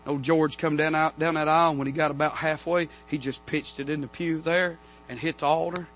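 A man preaching a revival sermon from the pulpit, telling stories and building to loud, emphatic amens. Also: fairly high pitch, fairly even intonation, a little fast, slight background noise. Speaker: pastor. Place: church sanctuary.

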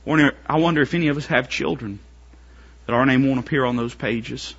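A man preaching a sermon to his congregation, building up to shouted, strained pleading climaxes. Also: medium pitch, brisk, breathy edge, dull audio.

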